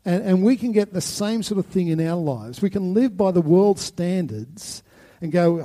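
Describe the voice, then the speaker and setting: A man's voice: sits high, animated, moderate pace, mellow. A man preaching a sermon with passion, often repeating words as he drives a point home. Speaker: pastor.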